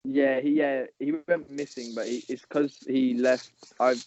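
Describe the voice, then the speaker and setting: A young man co-hosting a podcast, telling stories in a giggly, lively way in casual chat. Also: mid-range voice, measured pace. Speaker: podcast co-host. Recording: dull lo-fi sound with faint noise.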